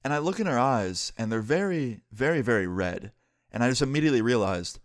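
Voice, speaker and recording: A man's voice: medium pitch, expressive, fairly quick, dry recording, clean studio sound. A young man telling a story in a vlog, talking casually and swearing freely. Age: young adult.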